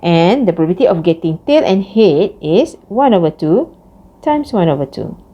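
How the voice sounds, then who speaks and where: A woman giving a recorded math lecture, explaining each step slowly. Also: dull audio. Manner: slow, lively pitch, explains step by step.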